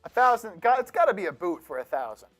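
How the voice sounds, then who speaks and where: Male co-host, high and very lively pitch, casual stream chat. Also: fast, soft background music. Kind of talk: casual chat and viewer prompts on a live stream.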